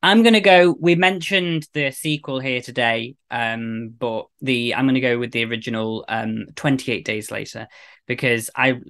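A man's voice: medium pitch, fairly bright tone. A man on a casual podcast chat, talking with upbeat enthusiasm about a favorite film. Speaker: podcast co-host.

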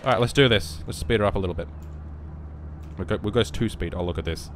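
A sick young man rambling and joking through casual gameplay commentary, sometimes yelling at the game. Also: on the low side, quick pace, slight background noise. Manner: rambling and joking, with sudden loud outbursts at the game. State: sick with a virus. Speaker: gaming YouTuber.

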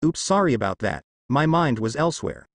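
A man's voice: medium pitch, sing-song, a little fast, no room sound. A man voicing a cheerful, clueless teenage boy ninja, eager and earnest, close to his own voice.

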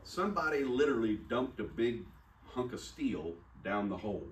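A medium-pitched pastor with big pitch swings preaches at normal speed, telling a personal story in a self-deprecating, conversational style and acting out the dialogue. A distant mic in an echoey room picks him up, along with a little hiss or hum.

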